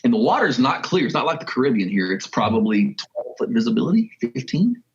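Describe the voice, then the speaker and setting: A man, a wildlife photographer and journalist, telling a story as a podcast guest in a lively, animated way. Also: brisk, dull audio. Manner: animated, with sudden jumps in pitch and pace. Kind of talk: casual storytelling.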